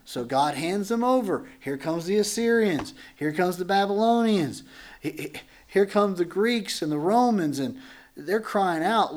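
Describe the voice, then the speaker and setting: Animated pastor teaching a congregation. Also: male voice, sits high, measured pace. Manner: animated, acts out dialogue, jokes with the congregation. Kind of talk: conversational Bible teaching. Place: church.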